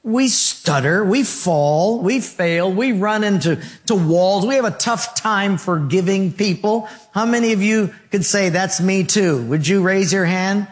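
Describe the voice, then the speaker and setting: A male pastor delivers a sermon in a rhythmic, rhetorical cadence. His voice sits high, and he weaves in humorous storytelling. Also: measured pace, hardly any pauses, in a large hall.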